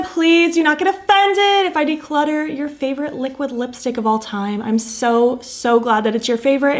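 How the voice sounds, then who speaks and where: Bubbly, slightly high-voiced woman vlogger. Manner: bubbly, enthusiastic, upbeat. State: voice tired from hours of filming. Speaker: beauty vlogger. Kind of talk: casual chatty vlog.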